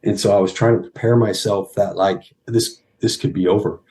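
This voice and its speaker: A man in his thirties speaks as an interview guest, his voice on the low side. He tells his story earnestly, stopping and restarting, and sounds near tears. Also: steady tone, brisk, warm tone. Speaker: guest, former pro football player. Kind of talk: emotional personal story.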